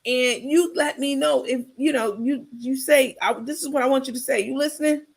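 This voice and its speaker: A woman's voice: sits high, creaky, voice pushed up. A woman putting on the voice of a bossy, scheming woman who coaches and pushes someone around. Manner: bossy, coaxing, fast-talking.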